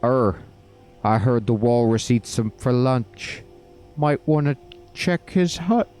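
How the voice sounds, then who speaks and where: A man's voice: mid-range voice, lively intonation, slow, darkish tone, soft background music, pitched above the performer's own voice. A man voicing a shifty male penguin smuggler who talks in clipped street slang. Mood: cheeky.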